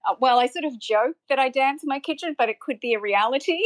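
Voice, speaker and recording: Chatty Australian woman, bright-ish voice. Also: sits high, fast talker, background noise. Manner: chatty, giggly, many restarts. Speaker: audience member asking questions. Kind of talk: casual live audio chat.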